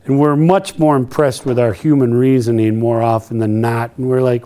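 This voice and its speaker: A man preaching a sermon, animated and playful, acting out quotes with humor. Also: mid-range voice, moderate pace, few pauses. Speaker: pastor.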